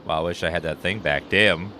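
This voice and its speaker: A man casually commenting on gameplay, reading game text aloud and swearing when excited. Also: low voice, fairly quick, slight background noise. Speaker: gaming streamer. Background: game music and sounds.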